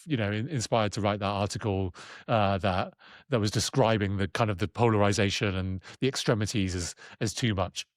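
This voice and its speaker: A man's voice: mid-range voice, dry recording, clean studio sound. A man hosting a podcast in casual conversation, rambling with fillers and restarts. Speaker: podcast host.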